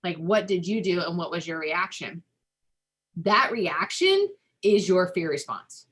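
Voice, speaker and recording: A woman's voice: fairly low pitch, very animated, unhurried, fairly bright tone, breathy edge. A woman family therapist explaining ideas in a webinar-style talk, loose and conversational, with lots of "like" and "um.". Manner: talks through ideas with frequent "like" and "um" fillers.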